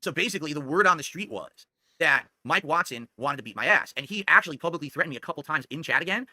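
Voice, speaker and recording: A man's voice: on the high side, expressive, quick pace, pushed and bright, no echo. A middle-aged man rambling defensively through a story in casual chat, often checking in with "okay?". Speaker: streamer telling a story.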